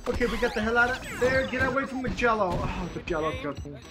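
A man giving excited gameplay commentary, with loud, frantic, shouted reactions. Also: extremely high pitch, fast talker. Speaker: let's play gamer. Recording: game music playing under voice. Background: video game music.

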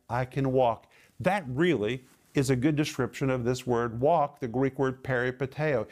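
A man giving a televised Bible teaching in an emphatic way. He slows right down to stress key words and explains word meanings step by step. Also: on the high side, darkish tone.

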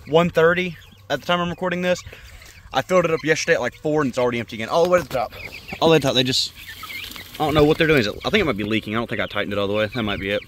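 Rambling, fast-talking pet breeder vlogger. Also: male voice, mid-range voice, a little hiss or hum. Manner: chatty, rambling, talks to his animals, frequent fillers. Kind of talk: casual rambling vlog, walking around animal enclosures. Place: outdoors in a yard with animal pens, partly indoors at reptile tanks.

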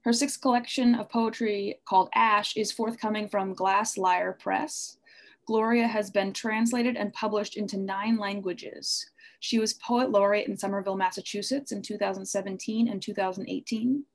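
A woman acting as MC at a livestreamed reading, introducing poets with a few halting fillers. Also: mid-range voice, fairly even intonation. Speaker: guest MC. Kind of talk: introducing readers. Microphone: livestream home mic.

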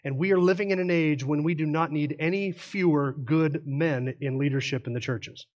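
High-voiced man preaching a sermon. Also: normal speed, darkish tone, highs cut off. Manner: earnest, self-correcting preacher who explains terms. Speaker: pastor. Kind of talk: expository sermon.

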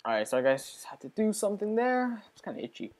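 A woman hosting a gaming channel, giving chatty let's play commentary straight to her viewers, with sudden excitable outbursts. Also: medium pitch, fast talker.

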